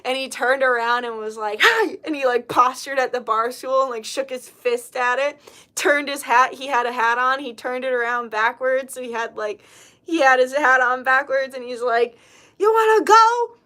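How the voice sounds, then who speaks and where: Woman, livestream host, bright and fairly high, chatty and blunt, casual chat. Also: little pitch movement, moderate pace. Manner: chatty, laughing storyteller, blunt when annoyed. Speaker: spiritual healer and livestream host.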